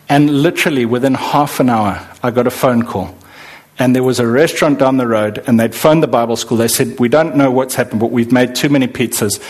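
A man's voice: mid-range voice, fairly even intonation, a little fast. A middle-aged man preaching a sermon, emphatic, acting out the voices he quotes. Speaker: pastor.

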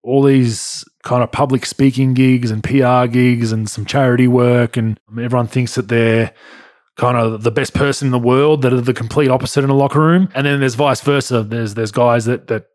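A man's voice: mid-range voice, steady tone, moderate pace, darkish tone, no echo, studio quality. A man with an Australian accent, a podcast host chatting casually and reading listener questions, blunt and laid-back. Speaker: podcast host, former pro basketball player.

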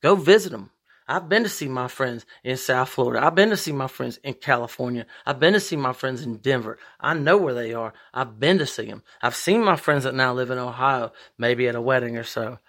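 A man hosting a podcast, talking in a profane, rambling monologue with big emphatic swings in pitch. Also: a little fast, a bit bright. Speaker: podcast host. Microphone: podcast microphone.

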